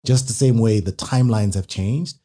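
A man's voice: on the low side, normal speed, mellow. A man in a casual chat, giving his opinions and building his points with rhetorical questions.

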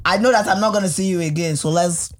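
A woman co-hosting a casual chat, talking candidly and breaking into loud laughter. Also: lowish voice, quick pace, a little hiss or hum. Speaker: podcast co-host.

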